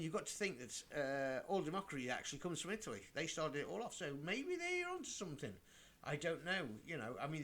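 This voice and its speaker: A man's voice: on the high side, bright, forceful tone. A man in a rambling, casual rant, full of fillers and restarts. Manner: rambling, chatty, self-interrupting with many fillers. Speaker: vlogger. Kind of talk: casual ranting commentary.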